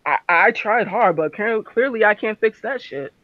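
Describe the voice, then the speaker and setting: A man's voice: high voice, expressive, moderate pace, dry recording. A man voicing a distraught, furious young werewolf medic who swears a lot and stammers. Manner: profane, stammering, swings between loud and muttered. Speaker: tabletop game player. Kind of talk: in-character role-play. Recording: dull dry lo-fi recording.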